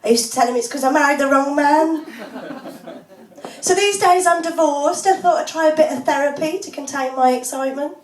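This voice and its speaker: A woman doing a stand-up comedy set of deadpan one-liners, laughing often. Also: high-pitched, brisk. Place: small pub comedy club, audience laughing. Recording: echoey room, voice from far off.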